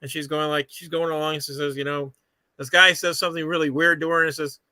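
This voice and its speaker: A man chatting as a comedian guest, hesitant with fillers before lively anecdotes. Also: on the high side, fast talker, dry recording. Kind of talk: casual chat.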